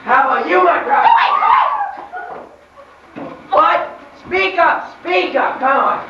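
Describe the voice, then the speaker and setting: A young performer in a school stage play, playing a boy who shouts threats as wicked old Bluebeard. The voice is theatrical and heard from far off in an echoey hall. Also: extremely high pitch, slow. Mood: menacing. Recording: distant echoey hall, muffled, crowd noise.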